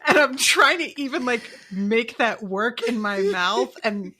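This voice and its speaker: A woman's voice: on the high side, animated, measured pace, noisy background. A woman co-hosting a podcast in casual chat, rambling and self-mocking, with lots of giggles. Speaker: podcast co-host.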